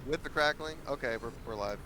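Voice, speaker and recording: A man's voice: mid-range voice, brisk, a crowd in the background. A young man co-casting a live stream, laid-back and joking, swearing casually. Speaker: stream co-caster.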